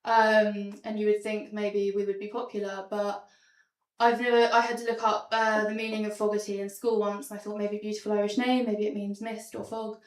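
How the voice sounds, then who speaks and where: With a flat delivery at normal speed, a young woman in a mid-range voice performs stand-up with slides at a small theatre. She's wry and self-deprecating with plenty of ums, recorded with roomy, distant sound.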